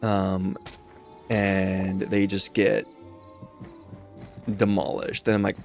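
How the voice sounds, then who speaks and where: A man's voice: low-pitched, completely flat delivery, very slow, creaky, pauses often, darkish tone, soft background music. A man streamer chatting casually while he plays a game, rambling and easygoing as he thinks aloud. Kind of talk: casual chat while gaming.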